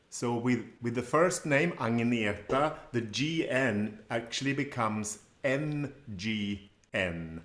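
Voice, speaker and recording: Male language teacher, slow and patient, repeats each sound, roomy echo. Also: medium pitch, expressive, a bit bright. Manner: models sounds slowly and repeats them. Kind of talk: pronunciation lesson.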